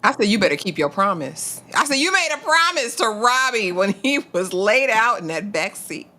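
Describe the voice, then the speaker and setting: A woman co-hosting a TV recap show, talking through favorite scenes in a relaxed, emphatic way. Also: medium pitch, moderate pace. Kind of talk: casual chat reviewing a TV episode.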